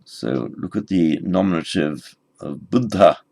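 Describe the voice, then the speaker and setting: A man teaching a recorded grammar lesson, explaining word forms patiently and spelling them out slowly. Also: sits low, expressive, vocal fry, warm tone. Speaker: language teacher.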